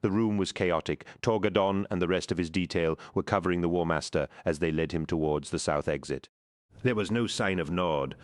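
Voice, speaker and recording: A man narrating an action audiobook in a measured, dramatic reading. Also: deep voice. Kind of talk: scripted narration.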